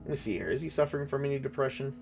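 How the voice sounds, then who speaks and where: A man's voice: medium pitch, animated, racing, vocal fry. A man narrating a solo tabletop game, thinking aloud as he decides what happens. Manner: musing, thinking aloud with fillers. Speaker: solo game master and player. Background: faint background music.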